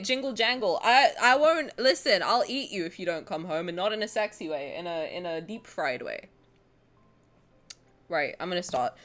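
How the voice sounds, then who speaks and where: A woman's voice: on the high side, a bit bright. A woman live-streaming her gacha pulls, chatting with her viewers, cooing at game characters and shrieking in mock protest, swearing freely. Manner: playful, coos at game characters.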